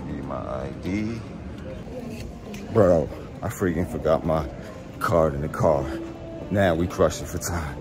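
Out of breath, a man vlogs casually while traveling through an airport and a car to deliver a puppy, talking slangy to viewers and often repeating words. His voice is extremely low and slow with long pauses, over music in a noisy phone recording.

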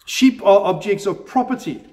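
A man with a notably high speaking voice delivers a sermon in a church. He preaches earnestly but mixes in gentle self-deprecating humor. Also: animated, moderate pace. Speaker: pastor.

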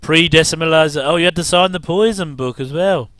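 A man's voice: fairly high pitch, a little fast, fairly bright tone, dry recording. A man giving a casual, rambling commentary over an old TV episode, with frequent chuckling asides.

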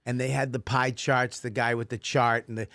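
A middle-aged man co-hosting a comedic podcast, telling animated stories, acting out voices and swearing a lot. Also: mid-range voice, normal speed, dry recording. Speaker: podcast co-host. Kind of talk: casual comedic podcast chat.

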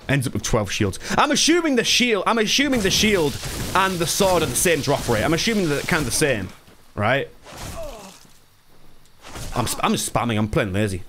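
A young man chatting live while playing a game, ranting and swearing, alternating between low mumbles and loud outbursts. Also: very animated, normal speed, long pauses, slight background noise. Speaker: streamer. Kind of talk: casual live-stream chat.

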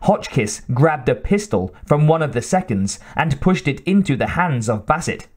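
A man reading an audiobook aloud in expressive, measured narration. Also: on the high side. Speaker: audiobook reader. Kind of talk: scripted narration.

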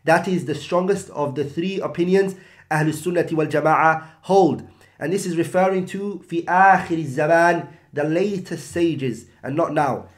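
Man, religious teacher, somewhat high voice, measured explaining, rhetorical questions. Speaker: Islamic studies teacher. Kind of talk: explaining a religious text in English with Arabic terms.

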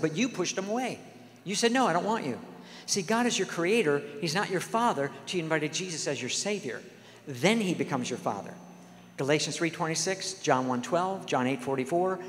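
Man, sermon, earnest storytelling, slightly high voice, long hall reverb. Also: slight background noise. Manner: earnest storytelling, acts out quoted dialogue. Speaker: guest speaker.

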